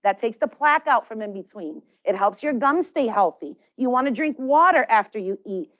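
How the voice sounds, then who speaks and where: A woman's voice: fairly high pitch, expressive, moderate pace, fairly bright tone, highs cut off. A woman giving children friendly, encouraging advice on caring for their teeth. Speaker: dental health presenter. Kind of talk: instructional talk to children.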